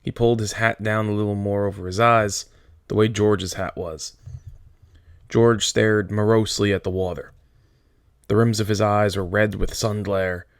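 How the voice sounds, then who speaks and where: A male teacher reading a novel aloud to his class in a steady, plain storytelling manner. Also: fairly low pitch, normal speed, clear, resonant tone, no echo, clean studio sound.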